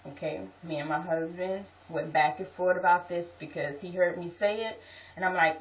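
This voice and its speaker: A woman's voice: on the low side, fairly even intonation, normal speed, far from the mic, poor audio. A woman with a New Orleans accent chatting casually in a vlog, explaining things with asides and restarts. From Southeast Louisiana. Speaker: vlogger.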